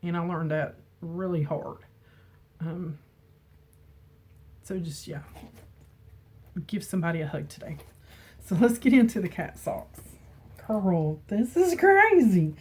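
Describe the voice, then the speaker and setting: A middle-aged woman chatting casually on camera from her home, emotional and quick to laugh. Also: on the low side, dark tone, slightly rough. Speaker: beauty vlogger. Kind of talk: casual chat. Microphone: camera mic with ring light.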